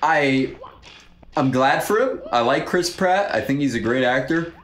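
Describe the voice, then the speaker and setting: A man's voice: mid-range voice, lively intonation, a little slow, fairly bright tone. A man with a stuffy, congested nose, chatting casually and sarcastically while playing a video game as co-host. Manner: dry, sarcastic grumbling at the game. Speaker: let's play gamer and co-host. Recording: roomy echo with faint background music.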